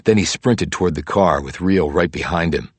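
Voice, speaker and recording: A male audiobook narrator with a very deep, husky voice, reading a crime thriller in a steady, measured way. The recording is dry and close, with faint music underneath. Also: no room sound. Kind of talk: scripted narration.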